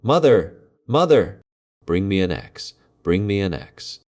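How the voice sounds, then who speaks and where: A man's voice: low voice, measured pace, a little mellow, smooth. A man voicing Jack, a poor, bold young lad who speaks eagerly. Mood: shouting.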